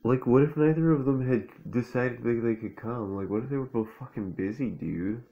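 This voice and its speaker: A man's voice: mid-range voice, normal speed, phone-quality sound. A man reading a children's picture book aloud and breaking off for crude, slangy, laid-back commentary. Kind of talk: stoned commentary over a storybook reading.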